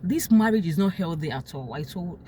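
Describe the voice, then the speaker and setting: Animated Nigerian woman telling a story. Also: fairly low pitch, a little fast, slight background noise. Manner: emotional, animated, quotes others in sharp raised tones. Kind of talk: casual personal storytelling.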